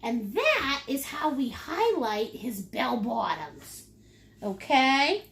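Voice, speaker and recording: A woman's voice: high voice, big pitch swings, slow, fairly bright tone. A woman leading a live painting lesson, chatty and playful, with sing-song asides. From United States. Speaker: painting instructor.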